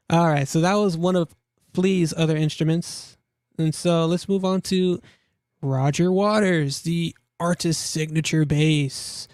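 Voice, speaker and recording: A man's voice: a little high, fairly even intonation, slow, darkish tone, no echo, clean studio sound. A young man hosting a casual look at gear listings, joking around and repeating himself as he talks. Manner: chatty, jokey, repeats himself, laughs at own jokes. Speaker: host. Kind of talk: casual gear market commentary.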